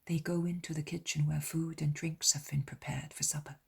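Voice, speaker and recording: A woman narrating an audiobook in a slow, reverent, breathy whisper. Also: sits low, level tone. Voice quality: breathy, near-whispered delivery. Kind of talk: whispered reading.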